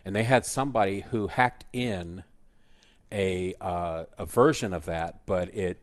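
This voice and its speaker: A middle-aged man with a very deep voice joins a casual podcast as co-host. He reminisces haltingly, with frequent fillers and false starts. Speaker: guest co-host, the host's father.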